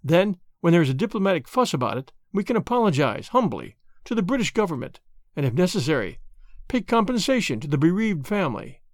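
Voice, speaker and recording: A man voicing a sly, insinuating male French spy who speaks slowly and low in a storybook reading. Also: big pitch swings, no echo, clean studio sound.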